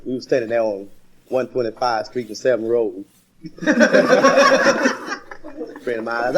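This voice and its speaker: A man's voice: mid-range voice, steady tone, normal speed, pauses often, darkish tone. A man doing a folksy stand-up comedy routine, telling stories and laughing at his own jokes. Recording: noisy vintage live recording.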